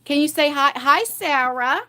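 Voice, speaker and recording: A woman whose voice sits high, pushed and bright, talks at a measured pace during a casual at-home beauty stream, dressed in pajamas. She sorts through her makeup while chatting and rambling, laughing a lot and a little short of breath from moving heavy boxes.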